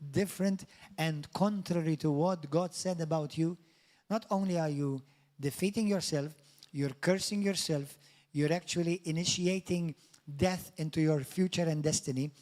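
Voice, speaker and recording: A man's voice: high voice, a little mellow. A man preaching a sermon as pastor, in an emphatic, declamatory style that builds to exclamations. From Malta.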